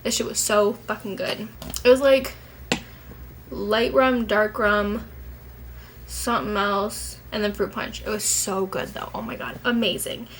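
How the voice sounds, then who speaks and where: A woman's voice: mid-range voice, steady tone, unhurried, a bit bright, a little hiss or hum, rough recording. A young woman chatting casually to her camera at home as a vlogger, rambling and candid, swearing now and then.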